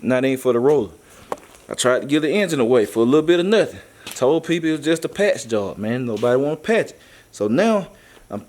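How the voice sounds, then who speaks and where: A man's voice: mid-range voice, a little mellow. A young man, talking casually to the camera about his car projects, laid-back and repetitive, full of slang and hype. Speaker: car vlogger. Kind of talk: casual vlog talk.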